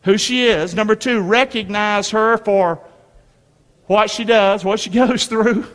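A man's voice: high voice, a little slow, a bit bright. A middle-aged man preaching a sermon, emphatic, calling on his congregation to answer back. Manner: emphatic, call-and-response with congregation. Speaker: pastor. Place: church sanctuary. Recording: long hall reverb.

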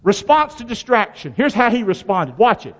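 A male pastor preaching a sermon in a folksy call-and-response style, his delivery swinging from loud to hushed. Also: high voice, sing-song, moderate pace. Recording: dull sound with long hall reverb.

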